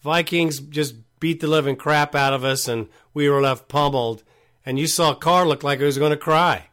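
A man's voice: fairly high pitch, moderate pace, a bit bright. A man hosting a call-in sports show, talking in a blunt, frank and casual way.

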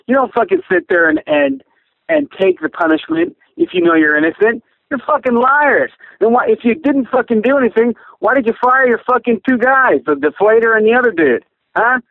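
A man's voice: high voice, gravelly, dry recording. A man phoning in an angry, profane rant, cursing constantly. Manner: profane, furious ranting. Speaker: caller. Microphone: phone. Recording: tinny phone line.

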